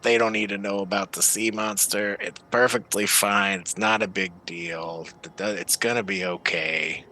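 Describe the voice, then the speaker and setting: A man voicing a greedy, gruff male dwarf fisherman who blusters and snaps. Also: fairly low pitch, fairly even intonation, moderate pace, hardly any pauses, bright, forceful tone, pitched below the performer's own voice. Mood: anxious mutter.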